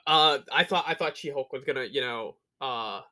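A young man co-hosting a podcast who tells animated stories and swears a lot. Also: medium pitch, moderate pace. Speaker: podcast co-host. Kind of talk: casual crude banter.

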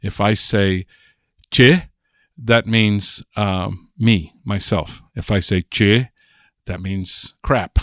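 A man's voice: lowish voice, steady tone, slow pace, hardly any pauses, fairly bright tone, no room sound, clean studio sound. An older American man, a linguist, explaining ideas in a podcast interview, thoughtful and chatty with restarts. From United States. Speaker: linguist guest.

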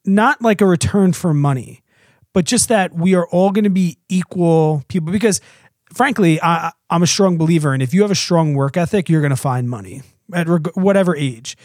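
A man in his thirties co-hosting a casual podcast, chatty, often acting out his young daughter's lines in a squeaky voice. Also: moderate pace, a little mellow, dry recording, studio quality. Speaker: podcast co-host.

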